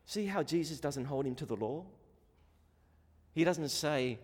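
Preacher in a hall, hushed to fervent. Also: male voice, fairly high pitch, animated, a little slow, husky. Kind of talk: sermon.

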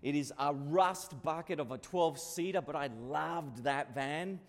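Australian preacher in an echoing hall. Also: male voice, fairly high pitch, a little slow. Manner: conversational, storytelling preaching. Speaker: pastor. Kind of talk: sermon. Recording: long reverb of a hall.

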